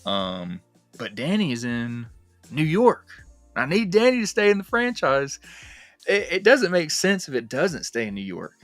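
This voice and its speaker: A young man hosting a casual movie-discussion livestream, talking in an animated, rambling way with plenty of swearing and fillers. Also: fairly high pitch, unhurried, dry recording, faint music behind. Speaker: livestream host.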